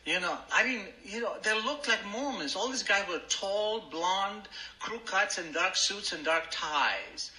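Brief older Argentine-accented man, slightly high, very bright tone, wry self-mocking storyteller, echoey room. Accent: Argentine Spanish. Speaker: speaker at a recovery meeting. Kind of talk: personal story told to a meeting.

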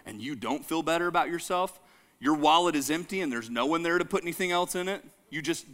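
Male pastor, lively sermon delivery with call-and-response, high and bright. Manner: animated, calls the congregation to repeat lines; jokes and laughs with the audience.

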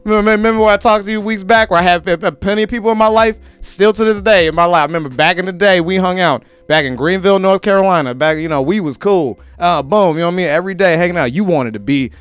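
A man hosting a podcast, talking in a casual, animated rant and mocking other people's voices. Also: high-pitched, fast, hardly any pauses, smooth, dry recording. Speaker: podcast host. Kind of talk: casual ranting chat.

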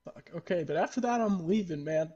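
A man's voice: sits high, animated, mellow, husky, lo-fi sound. A man voicing a frightened male trapper who pleads and stammers as he talks. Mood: eager. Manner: stammering, rushed, swearing.

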